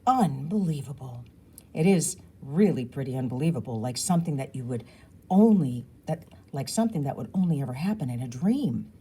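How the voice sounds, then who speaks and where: A woman reading a children's novel aloud in a lively, expressive storytelling manner. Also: rumbling low, slightly rough. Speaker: audiobook reader.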